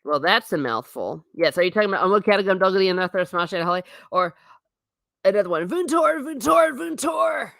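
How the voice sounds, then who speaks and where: Woman host, lowish voice, dry sound, lively chatty reader of comments. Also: fast, dry recording. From Ireland. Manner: chatty, animated, breaks into silly singing. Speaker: livestream host. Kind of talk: casual chat reading viewer comments.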